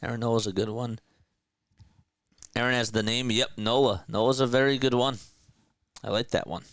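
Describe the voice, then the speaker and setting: A man doing relaxed play-by-play commentary for a stream, chatting with his viewers between pitches. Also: moderate pace, no echo. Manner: casual, chatty, talks to viewers. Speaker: play-by-play host. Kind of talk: amateur play-by-play commentary with chat.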